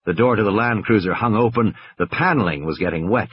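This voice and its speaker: A man's voice: lowish voice, a little fast, few pauses. A man reading a story aloud with dramatic narration. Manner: dramatic, with tense swings in pace. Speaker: audiobook reader. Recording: dull lo-fi audio.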